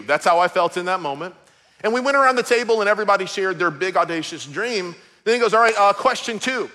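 Man, pastor, sermon, high voice, emotional storytelling. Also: lively intonation, fast talker. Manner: storytelling, emotional, shifting from loud to hushed.

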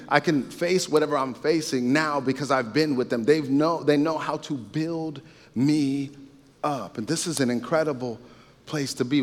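A man's voice: medium pitch, long reverb tail. A man giving a casual sermon-style talk, conversational and repetitive, with frequent asides to his listeners. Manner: conversational, repeats himself, frequent asides to the audience. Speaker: speaker giving a faith-based talk.

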